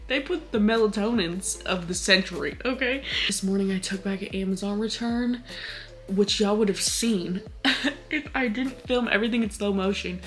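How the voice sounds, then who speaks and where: A woman in her twenties talks straight to camera in a loose, chatty vlog style. Her speech is packed with fillers and casual swearing. Her voice sits at an ordinary pitch for a woman, with soft music playing faintly behind her. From Hawaii. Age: 20s. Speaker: vlogger.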